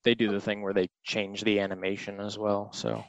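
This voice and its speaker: A man's voice: fairly low pitch, little pitch movement, brisk, vocal fry, no echo, poor audio. A man in casual chat, speaking animatedly and acting out little quotes.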